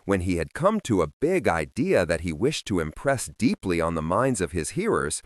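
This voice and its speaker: A man reads a self-help audiobook in a low voice that swings widely up and down. He leans on key words and shifts his pace to drive points home. The recording is close and dry, with no room sound. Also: big pitch swings, normal speed, no echo. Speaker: audiobook narrator. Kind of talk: scripted audiobook narration.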